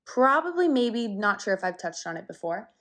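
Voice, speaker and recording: A woman's voice: medium pitch, big pitch swings, normal speed, fairly bright tone. A young woman hosting a solo podcast, talking casually and candidly, with fillers and the odd swear word, a little out of breath. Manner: chatty and candid, with some swearing and lots of fillers. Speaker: podcast host.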